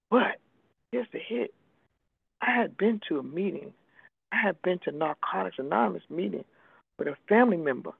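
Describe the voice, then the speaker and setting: An older woman gives a personal testimony in a deeply gravelly voice, pressing each point home with emphasis. She comes through a thin, phone-like radio recording, close and dry. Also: no echo. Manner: emphatic storytelling, voices the people she quotes. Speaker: speaker sharing a recovery story.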